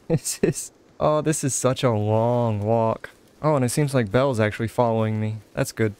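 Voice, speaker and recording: A young man giving casual let's-play commentary, excitable, exclaiming and chatting to an in-game companion. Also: medium pitch. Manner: excitable, talks to companion character, frequent laughs and exclamations. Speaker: gaming channel host.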